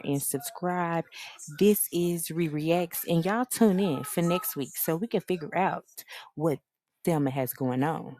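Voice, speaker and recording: A woman hosting her own reaction channel, recapping a reality TV episode in a sassy, slangy, animated way. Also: lowish voice. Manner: animated, slangy, sassy storyteller who acts out the quotes. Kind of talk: casual reality-TV recap commentary.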